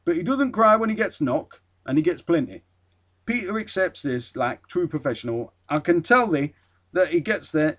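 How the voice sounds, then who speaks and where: A man putting on a clumsy northern accent to read a blunt footballer's praise of a teammate, forceful and clipped. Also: a little high, pitched above the performer's own voice. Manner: attempted Geordie accent, clipped dialect grammar, forceful.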